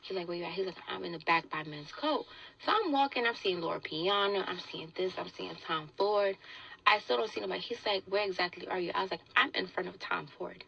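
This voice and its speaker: A young woman with a gravelly, bright edge, telling a story with indignant energy and acting out every quote. Her voice comes through a little muffled, with faint noise behind it. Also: lowish voice, a little fast. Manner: animated, indignant, acts out quotes. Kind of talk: casual podcast storytelling.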